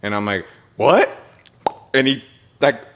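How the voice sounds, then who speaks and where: A young man hosting a podcast, telling an excited story in casual chat, swearing and laughing often. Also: mid-range voice, brisk. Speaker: podcast host.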